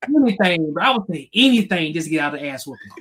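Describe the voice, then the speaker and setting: A man's voice: on the high side, fast. A man co-hosting a podcast, telling frank, profane stories about his childhood in casual chat. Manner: candid storytelling, profane, animated. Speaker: podcast co-host.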